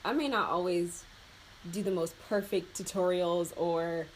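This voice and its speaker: A woman's voice: lowish voice, fairly even intonation, measured pace, a little hiss or hum, low-quality recording. A young woman, a beauty vlogger, chatting loosely while she does her makeup. She sounds heartfelt and close to tears, with lots of fillers and laughter. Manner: emotional and heartfelt, near tears. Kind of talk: casual chat while doing makeup.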